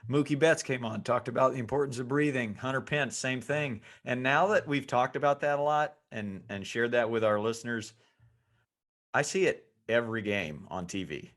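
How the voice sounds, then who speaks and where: A man's voice: mid-range voice, normal speed, fairly bright tone. A man co-hosting a podcast, a coach who talks earnestly about his players in a casual chat.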